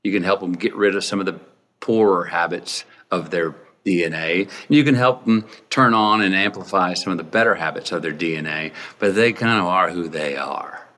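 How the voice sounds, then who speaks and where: A man talking as a podcast guest, answering in a reflective, measured way. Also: deep voice, sharp tone. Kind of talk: interview conversation.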